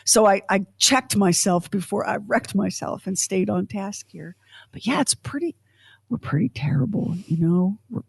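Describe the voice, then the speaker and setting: A woman hosting a casual podcast, rambling and self-deprecating as she chats. Her voice sits in a middle pitch. The recording is close and dry. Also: moderate pace, vocal fry, breathy edge, no echo. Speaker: podcast host. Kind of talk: casual chat.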